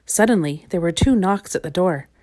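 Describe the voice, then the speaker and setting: A woman reading a children's storybook aloud in a gentle, expressive way. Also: on the low side, moderate pace.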